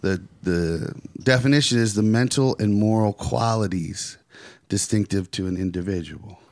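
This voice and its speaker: Low-voiced man hosting a casual roundtable. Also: normal speed, darkish tone, no room sound, clean studio sound. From California. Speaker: podcast host.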